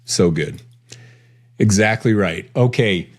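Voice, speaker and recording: A man's voice: fairly low pitch, slow pace. A man co-hosting a podcast, chatting in a friendly, upbeat way. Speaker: podcast co-host. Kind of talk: casual podcast chat.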